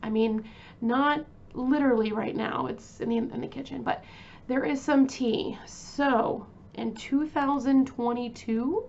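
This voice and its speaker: True crime host: woman, chatty and emotional, fairly high voice, dull lo-fi sound. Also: steady tone, measured pace, gravelly, darkish tone, a little hiss or hum. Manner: chatty, emotional, many fillers and restarts.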